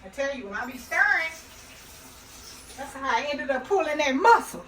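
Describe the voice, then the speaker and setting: A woman's voice: high voice, lively intonation, moderate pace, a bit bright, slight background noise, poor audio. Chatty woman cooking in a home kitchen. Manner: chatty, folksy, laughs easily. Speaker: home cook and channel host. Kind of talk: casual cooking demonstration.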